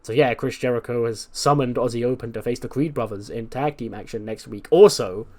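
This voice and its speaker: A man casually narrating a wrestling management game playthrough, chatty and relaxed with frequent fillers. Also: medium pitch, brisk. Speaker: game streamer.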